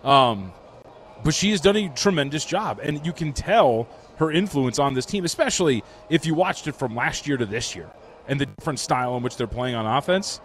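A man co-hosting a sports radio show, trading dry quips and giving measured basketball analysis. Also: mid-range voice, animated. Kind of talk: casual sports radio chat. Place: sportsbook broadcast booth.

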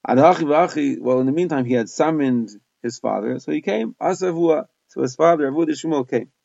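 A man teaches a Talmud lesson with a gravelly voice, reading short Aramaic phrases and then explaining them in English. The sound is dull and dry, recorded close with no room. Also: on the high side, a little fast, darkish tone, dry recording.

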